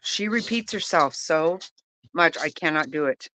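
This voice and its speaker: A woman's voice: deep voice, animated, unhurried, pushed and bright. A middle-aged woman hosting a casual live-stream chat, laughing often and exclaiming in disbelief as she reads and reacts.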